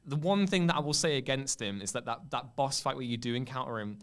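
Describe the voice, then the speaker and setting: Animated young man, smooth clear voice. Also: medium pitch, fast talker. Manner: animated storyteller who acts out scenes. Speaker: podcast co-host. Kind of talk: casual chat.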